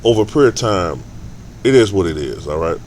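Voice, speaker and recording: A man's voice: low-pitched, sing-song, a little fast, a little mellow, a little hiss or hum. A man ranting casually in a vlog, profane and rambling, with stammered restarts. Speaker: sports vlogger.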